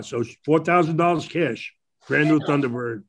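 An older man with a Brooklyn accent tells his stories in a loose, rambling way and breaks into laughter often. His voice sits a little high for a man. He speaks as a guest in casual conversation. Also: normal speed. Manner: rambling anecdotes with frequent laughter. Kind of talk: casual storytelling.

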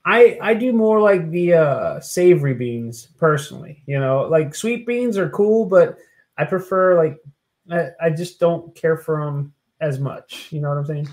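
A man's voice: fairly high pitch, lively intonation, unhurried, a little mellow. Laid-back jokey man podcaster. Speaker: podcast co-host. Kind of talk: casual chat.

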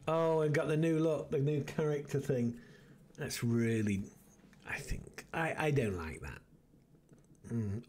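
A man's voice: mid-range voice, a little mellow, slight background noise. A man hosting a let's play, muttering and thinking aloud as he plays, rambling with restarts. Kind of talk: casual gameplay commentary.

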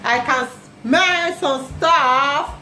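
Slow-talking, gushing high-voiced woman. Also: bright, forceful tone, slight background noise. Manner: gushing, repeating exclamations. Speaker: vlogger. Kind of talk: emotional vlog. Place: home, indoors.

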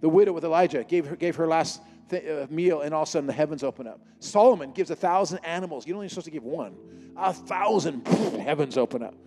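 Guy preaching fast, funny story w lots of back and forth voices, big echoey church hall. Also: a little high, soft background music. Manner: animated storytelling, acting out dialogue with God. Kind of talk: sermon with humorous testimony.

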